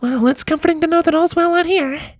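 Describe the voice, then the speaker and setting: A man's voice: very high-pitched, flat delivery, quick pace, darkish tone, dry recording, voice pushed up. A man voicing a dryly sarcastic female pony nurse in a fan story reading. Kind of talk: audiobook fanfiction reading.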